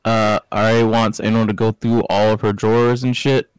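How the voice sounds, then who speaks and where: A man's voice: lowish voice, flat delivery, normal speed, clear, resonant tone, no room sound, rough recording. A man at a tabletop game, speaking bluntly and crudely. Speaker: player. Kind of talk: casual chat.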